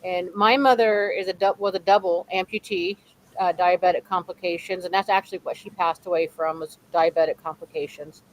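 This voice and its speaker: A woman's voice: on the low side, fairly even intonation, brisk, a little hiss or hum, rough recording. A middle-aged woman co-hosting a paranormal talk show over a video call, chatty and supportive. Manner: chatty, supportive with frequent affirmations. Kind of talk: casual conversation.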